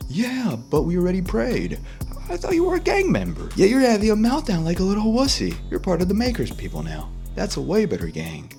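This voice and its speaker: Dude doing a chill churchy young guy, raised voice, preachy and steady, storybook reading. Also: high voice, brisk, gravelly, soft background music, voice pushed up, heavily acted. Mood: reassuring. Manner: preachy, quoting scripture. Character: calm devout young man, steady and reassuring.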